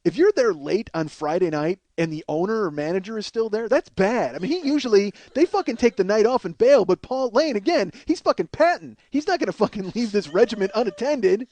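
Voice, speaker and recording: High, animated man telling a profane story. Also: fairly quick, hardly any pauses. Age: 40s. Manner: animated, swears a lot, laughs through his story. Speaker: comedian and podcast host.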